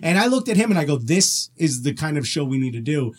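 Fast-talking husky man telling stories. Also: a little high. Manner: animated storyteller, laughs often. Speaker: podcast guest. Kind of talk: casual podcast chat.

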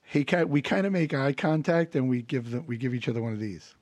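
A man chatting casually as a guest, who often clears his throat and swears. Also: medium pitch, lively intonation, a little fast, a little mellow, no room sound. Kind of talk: casual chat.

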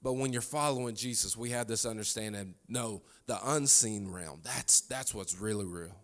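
A man's voice: on the low side, normal speed. A man preaching a sermon, repeating his lines for emphasis and calling on the congregation to answer back. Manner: fervent call-and-response preaching, repeats phrases.

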